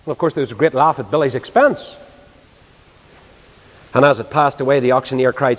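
A man preaching a sermon, telling stories in an animated, dramatic way. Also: medium pitch, brisk. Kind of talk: sermon storytelling. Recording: reverberant hall.

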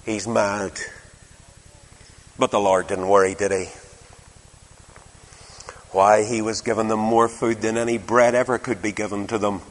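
A man's voice: fairly low pitch, level tone, normal speed, long pauses. An older man preaching a sermon, telling stories animatedly and asking his listeners rhetorical questions. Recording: long hall reverb.

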